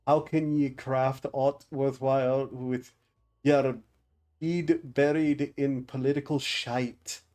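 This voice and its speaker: A streamer voicing a crude, hard-drinking male craftsman who sneers at the rich, in a put-on rough accent. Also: mid-range voice, steady tone, takes it slowly, darkish tone, lightly acted. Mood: contemptuous.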